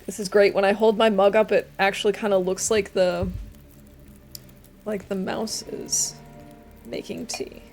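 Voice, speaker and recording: A young adult woman streamer chatting casually while playing a game, reading chat aloud and dropping quiet asides. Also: medium pitch, flat delivery, normal speed, slight background noise. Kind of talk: casual gameplay commentary.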